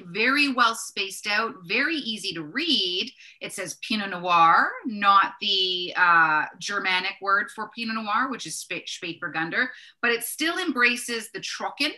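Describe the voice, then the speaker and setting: A woman with a bright, clear voice hosts a casual wine tasting. She talks in a chatty, enthusiastic way, gushing over labels and flavours and stopping to correct herself. Her pitch sits in a middle range.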